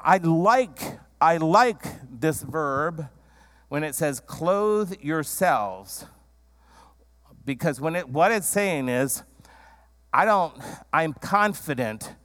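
A man preaching a sermon in a conversational way, with frequent "um" fillers, acting out quoted voices and dropping low and slow to show a calm tone. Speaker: pastor.

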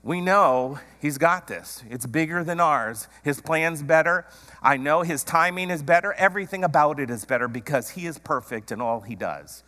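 A man's voice: a little high, moderate pace, bright, forceful tone. A man preaching a sermon, repeating key phrases emphatically and asking the congregation rhetorical questions. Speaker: pastor. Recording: long hall reverb.

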